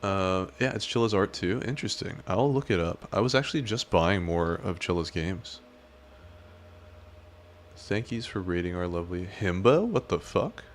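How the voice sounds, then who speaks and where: Deep-voiced teasing male streamer. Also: expressive, moderate pace, a little hiss or hum. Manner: teasing, crude, mock-menacing. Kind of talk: casual stream chat reacting to clips.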